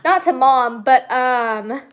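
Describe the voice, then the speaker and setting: Woman, high voice, playful teasing, eating and chatting, casual vlog host. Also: lively intonation, slow. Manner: playful, teasing, talks with mouth full. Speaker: channel host. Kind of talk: casual mukbang chat.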